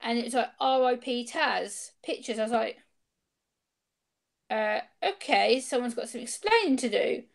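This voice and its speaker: A young woman tells a personal story over a video call. Her voice sits a little high, and she jumps into the voices of the people she quotes. The delivery is casual and lively. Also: unhurried, vocal fry. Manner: animated, acts out quoted exchanges. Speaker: interview guest.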